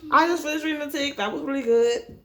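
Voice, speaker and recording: Brief: young woman, casual reading vlog, high voice, dramatic and slangy; faint hiss behind. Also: fast talker. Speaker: book-reading vlogger.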